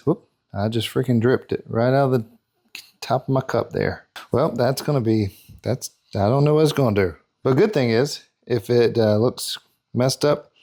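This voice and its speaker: A man's voice: medium pitch, warm tone. Chatty man narrating his airbrush work. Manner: chatty, self-talk while working, counts out steps. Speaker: airbrush artist and tutorial host. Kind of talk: casual narrated painting tutorial.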